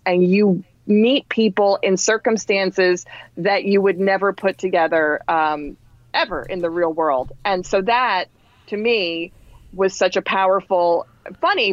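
A woman in her forties from New Jersey, a podcast guest telling a story in a chatty, animated way with fillers. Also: on the low side, no room sound, lo-fi sound. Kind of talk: casual storytelling.

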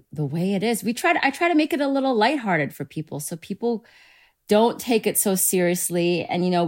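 A woman dermatologist, a guest in an interview, explaining her work in a lighthearted, chatty way. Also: lowish voice. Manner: lighthearted, explanatory, with casual fillers. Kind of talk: conversational interview.

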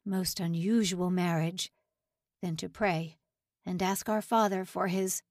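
Gentle old man, pious, calm and steady, woman reading the part, dry close sound. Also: lowish voice, slow pace, dry recording. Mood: solemn. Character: kindly old male prisoner officiating a wedding.

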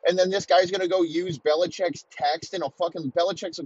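A man in his thirties delivering a heated, profane comedic rant, talking in rapid-fire bursts. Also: sits high, steady tone, husky, no echo, muffled recording. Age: 30s.

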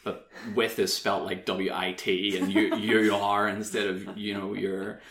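A man's voice: lowish voice, flat delivery, measured pace, hardly any pauses, a bit bright. A man rambling through a game story in casual podcast chat, with many fillers. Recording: roomy echo.

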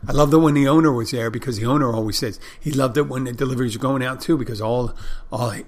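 A man's voice: mid-range voice, steady tone, quick pace. A man rambles through a casual podcast monologue. He is blunt, swears freely, and often restarts and repeats his phrases as he works out what he means. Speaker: podcast host.

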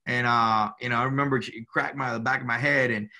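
A man's voice: mid-range voice, fairly even intonation, fairly quick, bright, forceful tone. A man from Cuba, a guest, telling his family story in a rambling, casual way, often saying "you know" and "man".

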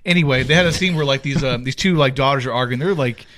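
A man's voice: medium pitch, fast talker. A man in his thirties, a podcast co-host, telling a story animatedly, swearing and laughing as he goes. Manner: animated storytelling, acts out his own shouts; swears freely, laughs through his stories. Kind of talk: casual chat.

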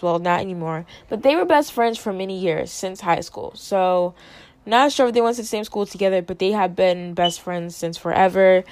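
A woman hosting a casual commentary, chatty and animated, acting out what others said. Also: medium pitch, no echo. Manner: chatty, animated, acts out quotes. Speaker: host.

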